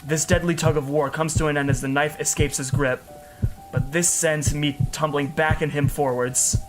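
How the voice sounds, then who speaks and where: A man's voice: on the high side, little pitch movement, normal speed, over music. A man giving an earnest, emotional first-person story narration as a storyteller.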